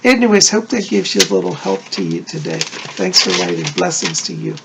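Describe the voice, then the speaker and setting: A man's voice: sits high, big pitch swings, fairly quick, creaky, noisy background. A man working as a psychic medium, doing a casual video reading, chatty and reassuring, often checking in with "okay?".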